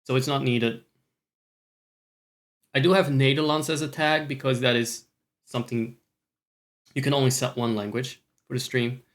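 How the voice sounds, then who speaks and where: A man's voice: medium pitch, fairly even intonation, normal speed, long pauses. Man, scottish accent, live-stream chatter, rambling, foul-mouthed, self-deprecating. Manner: rambling, sweary, self-mocking. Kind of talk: casual live-stream chat.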